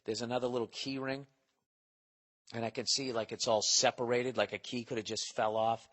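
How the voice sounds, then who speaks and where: A man in his forties hosting a podcast, telling a comic story in a profane, animated rant. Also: mid-range voice, normal speed. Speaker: podcast host. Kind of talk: casual comedic monologue.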